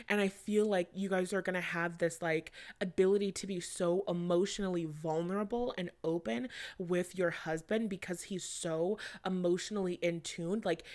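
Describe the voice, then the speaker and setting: A young adult woman giving a casual astrology reading to her viewers, chatty and rambling, with plenty of fillers and casual swearing. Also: on the low side. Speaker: astrology reader.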